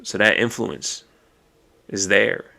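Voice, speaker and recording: A man's voice: on the low side, takes it slowly, vocal fry, pushed and bright. A man hosting a podcast, speaking alone in a raw, emotional and profane way as he thinks aloud. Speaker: podcast host. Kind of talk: personal monologue.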